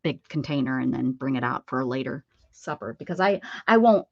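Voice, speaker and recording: A woman's voice: rumbling low, lively intonation, fairly quick, gravelly, no room sound. A middle-aged woman, chatting casually on a livestream and rambling with many self-corrections. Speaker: craft livestream host. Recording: dull, slightly lo-fi dry sound.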